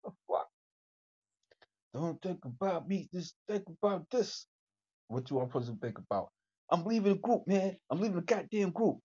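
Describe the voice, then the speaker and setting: A man's voice: high-pitched, sing-song, moderate pace, long pauses, mellow, husky, highs cut off. A man livestreaming an improvised comedy skit, bantering and cussing at his own characters in streetwise slang.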